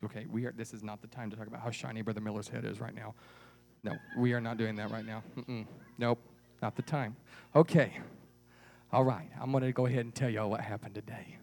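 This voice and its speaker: A man leading a children's church puppet show, animated and coaxing as he tells a story to the kids. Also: lowish voice, brisk, vocal fry.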